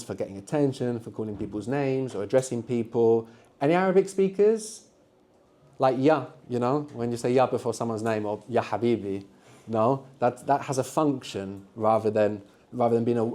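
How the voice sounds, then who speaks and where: A man's voice: mid-range voice, normal speed, dark tone. A man teaching a live beginners' language workshop, patiently explaining and prompting students to answer.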